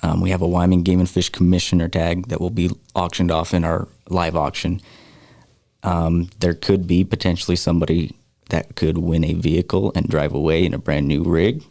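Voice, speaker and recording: A man talking in a relaxed, easygoing way as a guest on a radio show, promoting an upcoming banquet with plenty of fillers. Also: low voice, moderate pace, creaky, no room sound, studio quality. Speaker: guest, foundation organizer. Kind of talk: casual radio chat.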